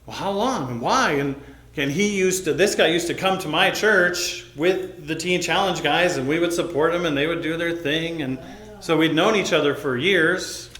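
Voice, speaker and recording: A man's voice: fairly high pitch, normal speed, a bit bright. A man preaching as a pastor, casually retelling a personal story and acting out what people said. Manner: casual, conversational retelling with acted-out quotes. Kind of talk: sermon storytelling. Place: church sanctuary. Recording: echoey church hall.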